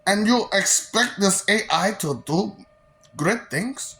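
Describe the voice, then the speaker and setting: Taunting woman with a gravelly voice. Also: medium pitch, lively intonation, slow, a bit bright. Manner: taunting, mocking, preachy. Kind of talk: confrontational monologue.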